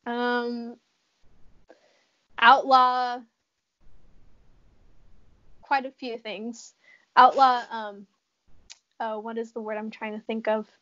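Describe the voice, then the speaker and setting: A woman's voice: fairly high pitch, level tone, drawn-out words, long pauses, sharp tone, lo-fi sound. A young woman chatting as a podcast guest, giggling often and searching for words. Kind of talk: casual chat.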